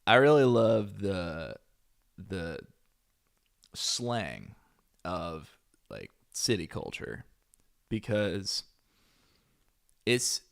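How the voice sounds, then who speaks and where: A deep-voiced man with a gravelly edge chats bluntly through a casual reaction stream. His pitch swings a lot as he rambles with fillers and asides.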